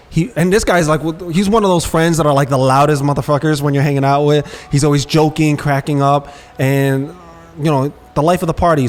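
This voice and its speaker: A man co-hosting a casual podcast, telling stories and acting out quotes in street slang. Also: fairly high pitch. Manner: animated storyteller, acts out quotes with street slang. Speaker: podcast co-host.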